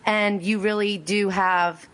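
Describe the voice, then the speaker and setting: A bubbly woman from Pennsylvania hosts a casual interview. She gushes over her guests and laughs often. Her voice sits at an ordinary middle pitch. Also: fairly even intonation, takes it slowly, a bit bright. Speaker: show host.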